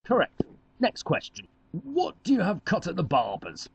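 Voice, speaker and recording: A performer voicing a stiff male quiz show presenter in an amateur cartoon, with a formal, measured delivery. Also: medium pitch, huge pitch swings, creaky, breathy edge, no room sound, muffled recording, heavily acted.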